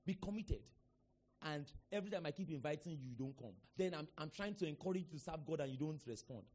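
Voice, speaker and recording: A middle-aged man with a Nigerian accent, preaching a sermon with sudden shouted bursts and call-and-response with the congregation. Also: fairly high pitch, animated, quick pace. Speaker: pastor.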